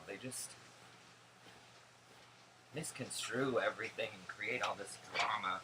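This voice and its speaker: A man's voice: lowish voice, slow pace, long pauses. Chatty young man with a background hiss. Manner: animated, gossipy and sarcastic storytelling. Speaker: vlogger. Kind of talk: casual vlog monologue.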